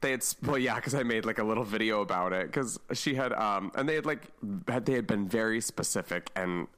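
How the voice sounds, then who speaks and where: A man's voice: on the low side, fairly quick, a bit bright, clear, resonant tone. A young man co-hosting a podcast in casual chat, bawdy and playful, laughing often. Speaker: podcast co-host.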